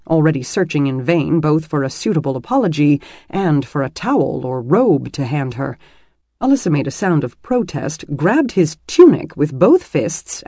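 Mellow male audiobook narrator. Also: on the high side, no echo, studio quality. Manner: steady, expressive reading. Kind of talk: scripted narration of a romance novel.

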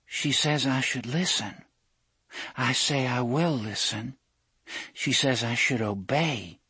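A woman's voice: a bass voice, slow pace, sharp tone, husky, no room sound, voice pushed up, full character voice. A man doing a dreamy, entranced young woman. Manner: dreamy sing-song lilt.

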